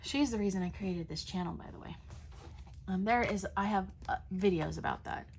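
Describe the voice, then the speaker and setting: A woman talks casually to camera about coloring books, full of ums, likes and self-corrections. Her voice sits at an ordinary middle pitch. A faint hiss of background noise runs under the recording. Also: normal speed, creaky, a little mellow. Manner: chatty with frequent fillers and restarts. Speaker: coloring channel host. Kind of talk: casual chat.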